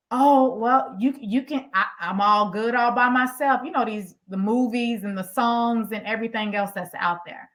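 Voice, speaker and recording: A middle-aged woman coaching a workshop crowd, speaking with animated emphasis. Her voice sits at an ordinary pitch for a woman, and she talks straight to the audience as she tells her story. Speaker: executive coach.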